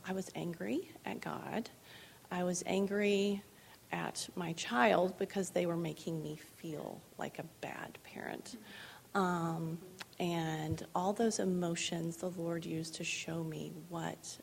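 A middle-aged woman tells her faith story in an earnest, conversational way. Her voice has a gravelly fry at the low end, and she often breaks into laughter. At times she drops into a hushed, almost whispered tone. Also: a little hiss or hum. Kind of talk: candid conversational testimony.

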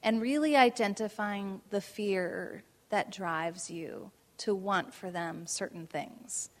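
A woman speaks thoughtfully in a reflective conversation. Her delivery is measured, and her pitch stays in an ordinary middle range.

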